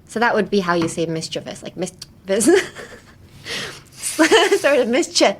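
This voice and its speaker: A woman's voice: medium pitch, sing-song, slow pace, pauses often, a little hiss or hum. Brief: young female host, casual podcast teacher, laughs easily, loose and chatty. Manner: giggly, laughs often, chatty with fillers. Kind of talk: casual language lesson.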